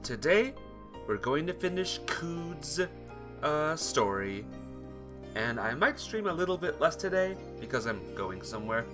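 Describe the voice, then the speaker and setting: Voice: mid-range voice, sing-song, a little slow. A streamer reading a visual novel aloud, greeting viewers between lines. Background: guitar music.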